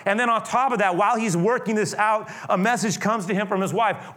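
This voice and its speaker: A man preaching a sermon, retelling a scripture story dramatically, shifting from loud to hushed. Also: high-pitched, brisk, hardly any pauses.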